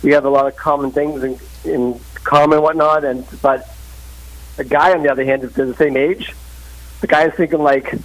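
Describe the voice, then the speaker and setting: A man phoning in to a live talk show, his voice sitting a little high for a man. He rambles earnestly through opinionated advice, restarting his sentences as he goes. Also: steady tone, fairly quick, rough recording. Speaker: caller. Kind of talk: phone-in advice chat. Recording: live call line.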